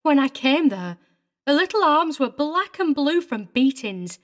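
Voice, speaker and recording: A woman's voice: high voice, big pitch swings, measured pace. A woman voicing a prim, tearful older female governess who speaks with fussy, indignant precision. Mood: vehement. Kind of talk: audiobook character reading.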